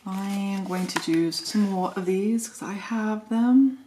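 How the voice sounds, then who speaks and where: A woman's voice: medium pitch, a little slow, background noise. A woman chatting casually and thinking aloud while decorating a planner, joking at her own expense. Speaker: planner vlogger.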